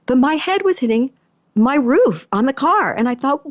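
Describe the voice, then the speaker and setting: With a high-pitched voice full of big pitch swings, a middle-aged woman talks at a moderate pace while telling a personal story on her podcast. As host and energy healer, she stays chatty and performs the quoted dialogue and thoughts. No echo; a dry, slightly dull podcast mic.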